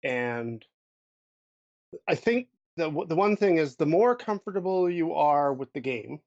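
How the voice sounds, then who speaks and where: A man's voice: a little high, animated, darkish tone, no room sound, dull audio. A man co-hosting a podcast, chatting casually about running tabletop games, with many thoughtful restarts. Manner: thoughtful, restarts a lot, drifts loose and slow. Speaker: podcast co-host, game master.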